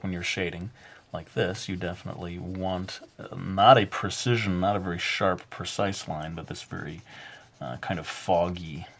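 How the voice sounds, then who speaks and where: A man's voice: low-pitched, vocal fry, a bit bright, slight background noise. A man teaching a drawing lesson in a casual, hesitant way, with many fillers and joking asides. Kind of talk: casual drawing tutorial narration.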